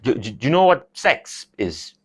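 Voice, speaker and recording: A woman voicing her gruff, mumbling father, who has a thick Kerry accent. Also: very deep voice, big pitch swings, exaggerated voice. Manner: mumbling, halting, stammers. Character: gruff Irish father of few words.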